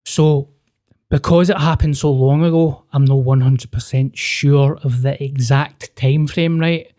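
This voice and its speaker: A man's voice: medium pitch, a little slow. A man telling a personal story on a podcast, casual and sweary, acting out the dialogue. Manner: sweary, animated, acts out quoted dialogue.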